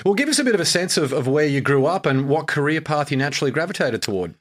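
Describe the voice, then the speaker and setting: An Australian man hosting a podcast, reading an energetic scripted intro and asking interview questions with enthusiasm. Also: on the high side, fast. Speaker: podcast host.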